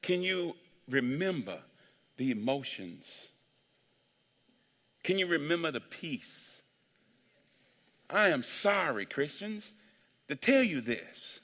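A male pastor delivers a sermon, calling for responses from the congregation. His voice is high, bright and swings widely in pitch. A long reverb from the church sanctuary follows his words. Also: slow pace, pauses often. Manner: animated call-and-response preaching.

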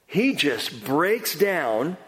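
A man preaching a sermon, earnest and emphatic, swinging between quiet and loud. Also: fairly high pitch, very animated, extremely slow. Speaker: pastor. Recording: long hall reverb.

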